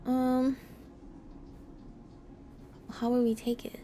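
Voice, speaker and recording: A woman's voice: fairly high pitch, unhurried, pauses often, dark tone, faint music behind. A young adult woman streaming a game, musing and hesitating with frequent "um"s as she plays. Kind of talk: casual gameplay commentary.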